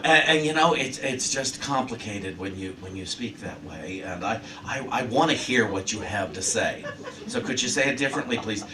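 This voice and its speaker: A male minister preaches in a casual, storytelling way. His voice is bright and rises and falls a lot. He is heard from a distance in an echoing sanctuary. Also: mid-range voice, slight background noise. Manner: conversational, animated storytelling with laughs. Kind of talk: sermon. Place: church sanctuary. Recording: roomy, distant mic in a hall.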